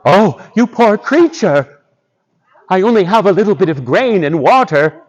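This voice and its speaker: Guy doing an eager young fairy-tale prince, a bit higher, earnest. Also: huge pitch swings, measured pace, dull audio, heavily acted.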